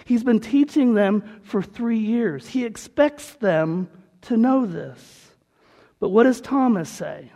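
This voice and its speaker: High-voiced man preaching in a hall. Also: big pitch swings, slow, creaky, warm tone, dull audio. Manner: earnest, conversational, explaining. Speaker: pastor. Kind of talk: sermon. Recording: long hall reverb.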